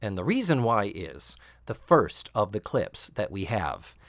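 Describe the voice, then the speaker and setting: A man hosting a podcast, recapping a sitcom episode casually and sarcastically, acting out quoted lines in higher voices. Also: measured pace, creaky, no room sound, clean studio sound. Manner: animated, sarcastic, acts out quotes with rising shrieks. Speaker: podcast host.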